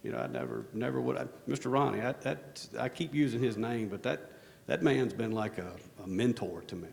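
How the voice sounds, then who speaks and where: A man's voice: medium pitch, sing-song, fairly quick, gravelly, a little mellow. A man speaking on a conference stage. He rambles, restarts often and jokes at his own expense. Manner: rambling, self-deprecating, lots of restarts and "you know". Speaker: conference speaker, operations executive. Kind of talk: casual storytelling on stage. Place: conference hall stage under bright lights. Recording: echoey conference hall.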